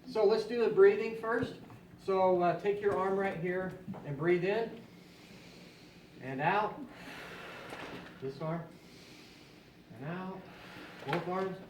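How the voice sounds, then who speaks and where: A man's voice: sits high, slow pace, pauses often, lo-fi sound, noisy background. A man leading a group in laughter yoga, coaxing people along and cheering them on between exercises. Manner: upbeat, coaxing, calls out cheers. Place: indoor room with a group. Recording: echoey room from a distance.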